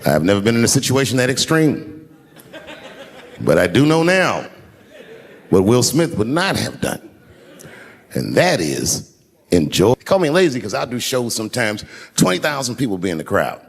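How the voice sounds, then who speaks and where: A man telling stand-up comedy stories onstage at a large venue into a handheld mic, swinging between shouted punchlines and low, hushed asides. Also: big pitch swings, moderate pace, creaky, pauses often, slightly rough. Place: large performance venue on stage. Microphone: handheld stage mic. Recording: long hall reverb, faint noise.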